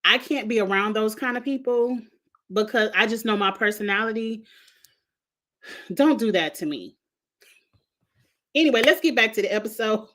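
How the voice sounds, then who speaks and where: A woman's voice: fairly high pitch, fairly quick, a bit bright. Blunt, laughing woman chatting on a livestream. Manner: blunt and outspoken, laughs often; greets chat viewers by name between remarks. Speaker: show reviewer and livestream host. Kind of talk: casual livestream chat.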